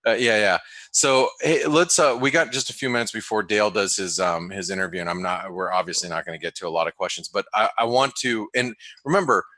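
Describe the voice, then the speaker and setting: A man hosting a webinar, giving casual market commentary in a halting way, full of restarts and fillers. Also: lowish voice, pushed and bright, no echo. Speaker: webinar host and market analyst. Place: home office in the desert.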